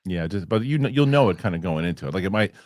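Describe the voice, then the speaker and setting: Host, male, low voice that swings a lot, rambling with restarts, dry close sound. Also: lively intonation, quick pace, a little mellow, no room sound. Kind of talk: casual chat.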